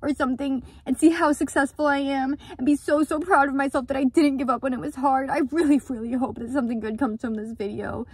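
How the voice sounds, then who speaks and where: Woman, high voice, dry close sound, earnest, vulnerable, confessional vlog. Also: steady tone, fairly quick, hardly any pauses, no echo. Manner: earnest, vulnerable, repeats words for emphasis. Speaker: vlogger and small business owner.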